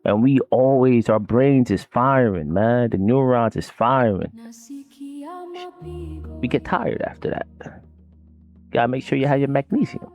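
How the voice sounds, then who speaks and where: Dude with rambling slangy to listeners, mid pitch, lil music underneath. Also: male voice, a little slow, pauses often, darkish tone, muffled recording. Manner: slangy, loose and rambling, addresses listeners directly. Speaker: podcast host. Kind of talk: casual herbal talk.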